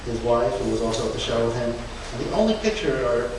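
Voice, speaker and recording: Halting man talking through slides. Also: medium pitch, sing-song. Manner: halting, many restarts and fillers, chuckling. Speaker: speaker at a book event. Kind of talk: informal slide presentation. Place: event room in a museum. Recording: echoey room, far from mic, background noise.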